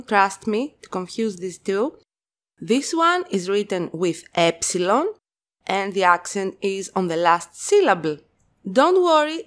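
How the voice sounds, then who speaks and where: A woman teaching vocabulary with a Greek accent, reading Greek examples slowly and explaining them in English. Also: mid-range voice. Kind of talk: slow, careful language lesson.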